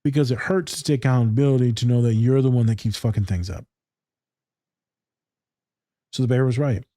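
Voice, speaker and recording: A man's voice: medium pitch, brisk, mellow, no echo, clean studio sound. A man co-hosting a casual podcast and talking bluntly about accountability, with frequent profanity and laughter. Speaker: podcast co-host and counselor.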